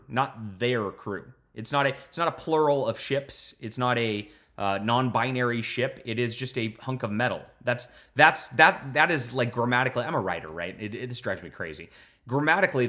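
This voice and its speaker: Male commentator, lowish voice, heated sarcastic ranting, casual delivery. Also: fairly bright tone. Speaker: commentary vlogger.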